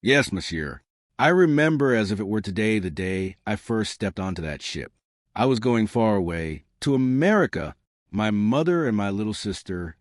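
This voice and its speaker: A man's voice: lowish voice, expressive, normal speed, no room sound, natural voice. Male reader as a grinning, boastful Italian salesman; chatty, dry close sound.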